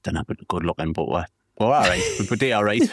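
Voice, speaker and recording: A man's voice: deep voice, lively intonation, quick pace, fairly bright tone, dry recording, studio quality. A man with a Geordie accent, chatting casually as a podcast guest, rambling and full of "you know what I mean". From North East England. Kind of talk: casual conversation.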